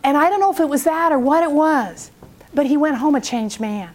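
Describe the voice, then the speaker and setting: A woman speaking at a prayer seminar, telling a story in an animated way and acting out its people. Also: high-pitched, fairly quick.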